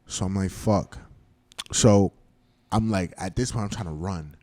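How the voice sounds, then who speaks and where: Man, podcast host, lower voice, casual swearing storyteller who acts out every line. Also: normal speed. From Florida. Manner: animated, slangy, swears a lot, acts out quotes. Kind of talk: casual storytelling among friends.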